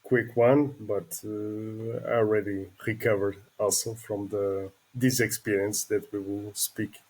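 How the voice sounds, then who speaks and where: Portuguese-accented man, low voice. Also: little pitch movement, a little slow, darkish tone, husky. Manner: brief, hesitant answers. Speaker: podcast guest.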